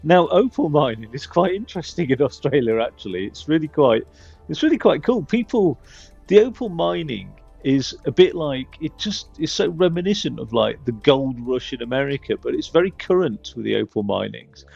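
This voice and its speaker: Male gaming host: deeply gravelly voice, dry close sound, loose self-mocking play-by-play. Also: animated, normal speed, a little mellow, dry recording, dull audio, faint music behind. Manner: rambling, chatty, self-mocking asides. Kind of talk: casual gameplay commentary.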